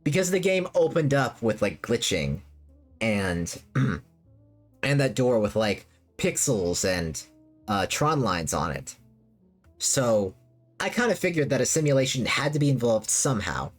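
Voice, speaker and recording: Rambling woman streamer with lively pitch. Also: a little slow. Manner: rambling, repeats words, many fillers. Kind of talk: casual chat with live chat. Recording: faint music behind.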